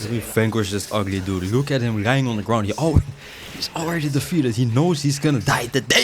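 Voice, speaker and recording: A young man giving casual, slangy commentary over his gameplay, jumping from excited outbursts to low mumbles. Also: fast, noisy background. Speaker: gaming streamer.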